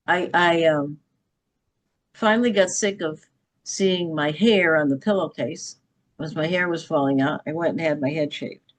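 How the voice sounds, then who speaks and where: Low-voiced middle-aged woman telling a story. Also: a little slow. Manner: emphatic, checks in with "okay?". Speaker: podcast guest. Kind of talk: personal storytelling in an interview.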